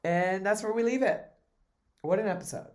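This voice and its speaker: A man's voice: high-pitched, normal speed, faint music behind. Man cracking crude jokes in a recap. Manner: animated, crude jokes, frequent laughter. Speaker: podcast co-host. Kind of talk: casual drama recap chat.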